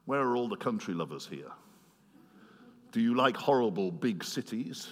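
A man preaching a sermon, retelling a story with animated swings between loud passages and quiet, earnest asides. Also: mid-range voice, moderate pace, long pauses. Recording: long hall reverb.

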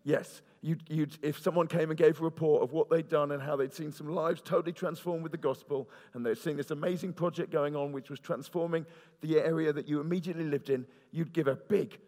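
A man's voice: fairly high pitch, fairly even intonation, fairly quick, a little mellow. A man preaching a sermon in church, earnest and storytelling, with fillers and restarts. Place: church hall. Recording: reverberant church hall.

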